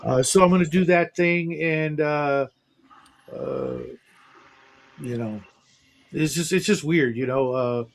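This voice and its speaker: A man's voice: a little high, takes it slowly, creaky, pauses often, a little hiss or hum. A man hosting a casual morning livestream chat, rambling and self-deprecating with lots of fillers. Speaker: livestream host.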